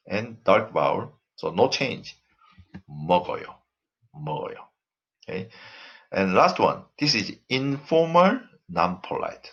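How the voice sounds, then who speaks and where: A low, husky male voice with a Korean accent, explaining grammar in a recorded lesson. His pitch rises and falls a lot as he repeats example sentences and fills pauses with "uh." The audio is dull and lo-fi. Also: fairly bright tone. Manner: explains slowly with frequent fillers, repeats example phrases. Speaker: Korean language teacher.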